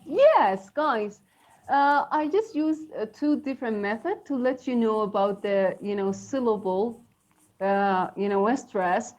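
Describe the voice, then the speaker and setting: Woman co-host, unhurried teacher, light high voice, loose filler-heavy delivery. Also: expressive, a little mellow, soft background music. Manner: chatty, many fillers, laughs often. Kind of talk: casual live English lesson.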